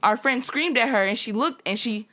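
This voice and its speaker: A young woman tells a story in casual chat among friends. Her voice sits a bit high, and she throws herself into it, acting out each person. She is a podcast co-host, loose and lively. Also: normal speed. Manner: animated storytelling, acts out voices in her retelling.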